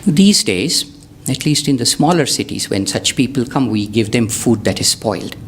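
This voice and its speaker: A man's voice: mid-range voice, expressive, moderate pace, a little hiss or hum. A man telling a spiritual story to a gathering, conversational, asking the audience questions and adding wry asides. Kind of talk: satsang storytelling talk.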